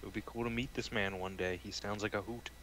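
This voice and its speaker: A man's voice: on the low side, fairly even intonation, fast, a bit bright, slight background noise. A man chiming in on a stream with wry, amused comments. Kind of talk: casual chat on a stream.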